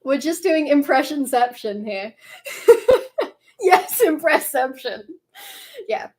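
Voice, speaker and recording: Young woman streamer, playful, laughs a lot, slow easy delivery, slightly high voice. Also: animated, darkish tone. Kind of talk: casual live-stream chat.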